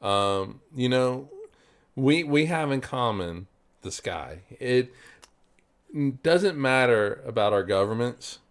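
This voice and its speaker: Man, podcast co-host, unhurried and smooth-voiced, full of "you know"s and restarts. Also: mid-range voice, animated. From South Carolina, US. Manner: rambling, many fillers and restarts. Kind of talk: casual chat.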